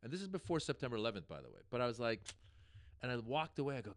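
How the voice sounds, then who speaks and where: A man's voice: mid-range voice, quick pace, no echo, clean studio sound. A man, a guest comedian, telling a story in casual conversation and acting out the people he quotes. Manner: animated storyteller who acts out the people he quotes.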